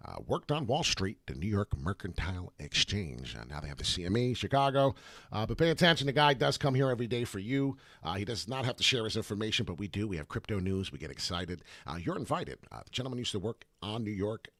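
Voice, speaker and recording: A man hosting excited crypto chart commentary, repeating himself and dropping rhyming asides. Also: on the low side, quick pace, no room sound. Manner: animated, repetitive, rhyming asides. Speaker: crypto chart analyst host.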